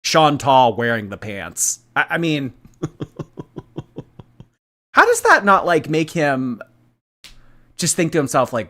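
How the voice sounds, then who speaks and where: A man hosts a sarcastic reaction commentary with laughing asides. His pitch swings widely between low mutters and high exclamations. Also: sing-song, takes it slowly, pauses often, fairly bright tone. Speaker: commentary host.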